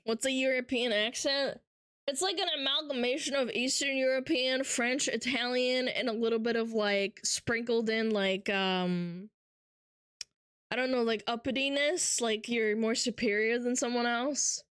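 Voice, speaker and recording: A woman's voice: on the high side, fairly even intonation, measured pace, a bit bright, clean tone, no echo, clean studio sound. A woman streamer chatting casually with her viewers, joking and swearing and laughing often. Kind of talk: casual live-stream chat.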